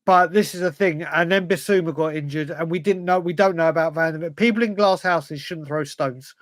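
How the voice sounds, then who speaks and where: High-voiced man reading fan questions. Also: brisk, no room sound. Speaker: co-host reading viewer questions. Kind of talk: casual football chat.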